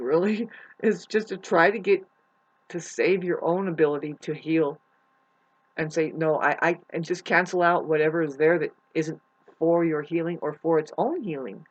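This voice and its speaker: A woman with a somewhat low voice delivers a rambling spiritual monologue, swearing freely and restarting her sentences. She jumps between loud, heated outbursts and quiet, muttered asides. The recording sounds dull and lo-fi. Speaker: astrology vlogger.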